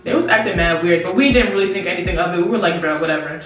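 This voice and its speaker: A young woman telling a story to her viewers in a lively, slangy way, talking straight to them. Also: lowish voice, racing. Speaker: vlogger. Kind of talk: casual storytelling to camera. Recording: very echoey room, distant mic, faint music.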